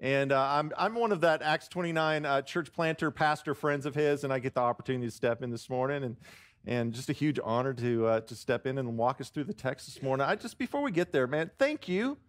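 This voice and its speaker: A man's voice: mid-range voice, animated, brisk. A man speaking as a guest pastor in a church, joking with the congregation and drawing answers from them, often restarting his sentences. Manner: jokey, warm-hearted, self-deprecating, lots of restarts. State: choked up near tears. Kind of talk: sermon with congregation call-and-response. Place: church sanctuary.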